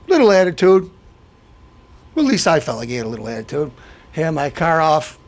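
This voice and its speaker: A man in middle age hosts his show and vents about a grievance. His rant rambles and restarts, getting more indignant as it goes. His voice sits high and leaps about in pitch. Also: very animated, brisk, pauses often. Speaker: show host. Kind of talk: ranting monologue.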